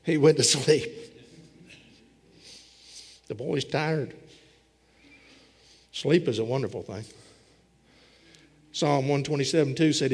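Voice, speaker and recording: A man's voice: mid-range voice, a little mellow. A man preaching a sermon as a pastor, with a folksy storytelling manner. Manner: folksy storytelling preacher, voicing scripture characters. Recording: long hall reverb.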